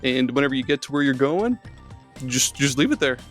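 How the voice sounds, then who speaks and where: A man's voice: mid-range voice, animated, a little fast, faint music behind. Rambling joking man podcast host. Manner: spins an absurd joke bit with rambling asides. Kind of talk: casual comedic podcast banter.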